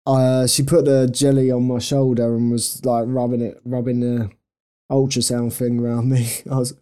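A man's voice: medium pitch, flat delivery, normal speed, dark tone, clean tone. A young man on a podcast, telling a rambling, self-mocking story in casual chat and laughing often. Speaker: podcast co-host.

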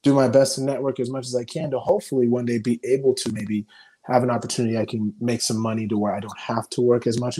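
A young man and video creator talking casually in an interview over a video call, telling frantic, animated stories full of swearing. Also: mid-range voice.

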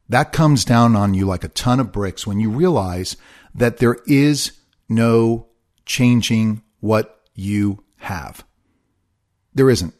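A man's voice: medium pitch, a little mellow. A middle-aged man hosting a solo podcast, talking in an earnest, confessional way and repeating his phrases. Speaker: podcast host.

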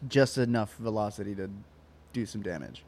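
A man chatting casually on a podcast and dropping wry, deadpan asides. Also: on the low side, moderate pace. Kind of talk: casual chat.

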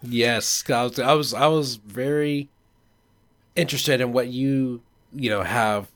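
A man hosting a casual chat, speaking haltingly with fillers. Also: medium pitch, fairly bright tone. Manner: halting, fills with "you know" and "uh". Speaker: host.

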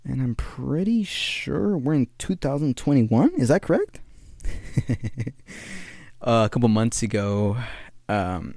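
Young male podcast host, lowish voice, loose slangy ramble, a bit tired, dry close sound. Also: darkish tone, no room sound. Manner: slang-heavy, rambling, laughs often. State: a little tired. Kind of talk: casual solo monologue.

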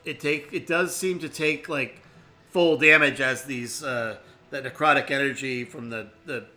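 A man's voice: medium pitch, a little slow, sharp tone. A man running a tabletop game as dungeon master, describing the action with frequent restarts. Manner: hesitant, restarts often.

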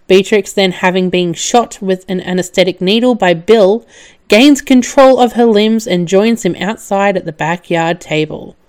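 A woman hosting a podcast, recapping a film casually, laughing often and swearing when excited. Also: medium pitch, unhurried. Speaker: podcast host.

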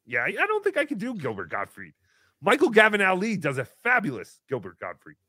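A man doing Tukey, a whiny high-voiced showman. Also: huge pitch swings, brisk, pushed and bright, slightly rough, no echo, heavily acted. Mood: excitable. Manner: speaks of himself in third person, whiny and melodramatic. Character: silly, self-pitying, nasal-voiced male showman. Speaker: livestream show host. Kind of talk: comedic live-stream character bit.

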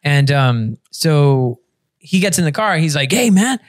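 A man on a podcast telling a story in casual chat, animated and profane, with laughs mixed in. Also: a little high, unhurried. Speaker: podcast guest or host.

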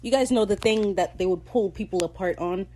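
A woman hosting a podcast, recapping a TV episode in casual chat, animated and slangy, often laughing mid-sentence. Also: medium pitch, fairly quick, slight background noise. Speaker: podcast host.

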